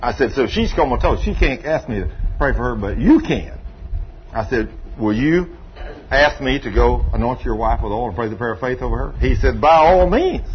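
A man's voice: medium pitch, lively intonation, moderate pace. Folksy preacher man, muffled recording. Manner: folksy storytelling preacher, drawling and emphatic. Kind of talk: sermon. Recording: muffled lo-fi sermon recording with faint hiss.

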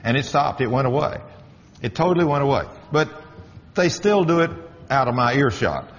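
A man's voice: medium pitch, expressive, normal speed, soft background music. A middle-aged man who works as a manager gives a firm, emphatic spoken testimony, telling stories in a preacherly way. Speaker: workplace manager giving a testimony. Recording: dull audio with long hall reverb.

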